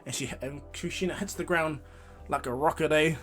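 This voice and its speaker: A man's voice: on the high side, brisk, fairly bright tone. A man casually retelling a fan story, rambling with restarts.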